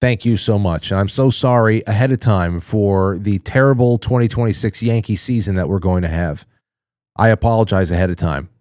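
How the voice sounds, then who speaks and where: Brief: middle-aged male host, loose profane banter, mellow tone, dry close sound. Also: lowish voice, normal speed, no echo. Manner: loose, profane, joking, mock-prim voices. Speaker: talk show host. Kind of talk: casual chat reading listener comments.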